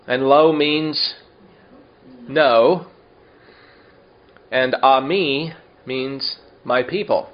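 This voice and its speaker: A man with a mid-range voice teaches a Bible study in a relaxed, conversational style, slowing down to explain Hebrew words and posing questions to his listeners. The recording has its highs cut off.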